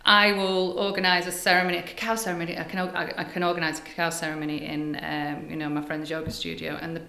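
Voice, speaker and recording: An older woman, a spiritual healer, telling stories in a casual interview, animated and dropping into hushed asides. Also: deep voice, fast. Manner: animated, breathy storyteller, drops to hushed asides. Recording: echoey room.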